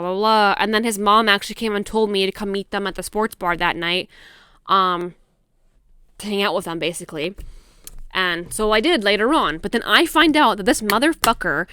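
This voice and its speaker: A young adult woman hosting a podcast, telling a story in casual, profane, animated style and acting out the quoted lines. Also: mid-range voice, smooth, no echo. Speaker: podcast host. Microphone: podcast microphone.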